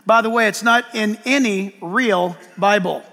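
A pastor preaches to a large auditorium in a very high, bright, forceful voice. He jokes and teases the crowd, then erupts into shouts. Long hall reverb trails each phrase. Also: unhurried. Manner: animated, joking, breaks into shouts. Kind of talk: preaching a sermon.

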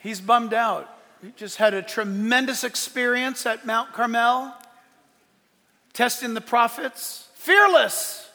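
A male pastor preaching an animated, joking sermon to his congregation. His voice is high and gravelly. The sound carries a long hall reverb. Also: slow. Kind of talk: sermon with humor. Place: church hall with live congregation.

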